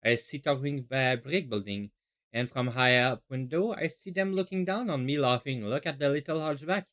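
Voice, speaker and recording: A man voicing an excitable Japanese scholar who lurches from gloom to giddy praise, piling up alliterative outbursts. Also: mid-range voice, moderate pace, natural voice. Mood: gloomy.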